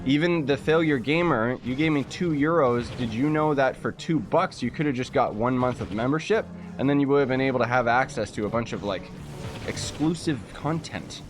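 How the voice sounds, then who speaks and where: A man's voice: mid-range voice, moderate pace, soft background music. A young man from Canada, just out of bed, chatting casually on a game livestream, reading chat aloud with lots of fillers. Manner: rambling, reads chat aloud, many fillers. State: just woke up. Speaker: gaming streamer.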